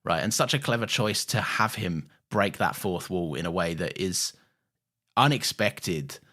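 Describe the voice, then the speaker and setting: A man's voice: low voice, expressive, a little slow, pushed and bright. A man co-hosting a podcast, talking enthusiastically and swearing freely in casual chat. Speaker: podcast co-host.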